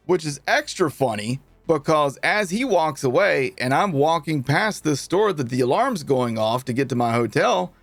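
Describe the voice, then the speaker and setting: A man's voice: medium pitch, no room sound. A man streaming a game, casually telling his chat a long story, laughing and acting out what people said. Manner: animated, laughing, acts out quotes.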